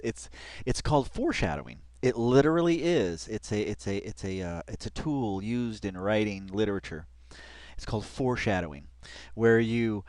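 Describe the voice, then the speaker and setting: A man's voice: fairly low pitch, no room sound. A man hosting a reaction video, talking in a loose, slangy, rambling way, laughing often and restarting his sentences. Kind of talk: casual rambling commentary.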